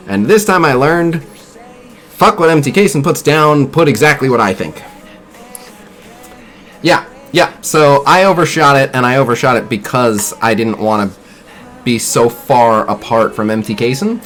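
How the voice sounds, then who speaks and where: A man's voice: mid-range voice, a bit bright. A man streaming a mobile game, rambling casually to his chat and a voice-chat guest, swearing freely. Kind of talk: casual live-stream commentary.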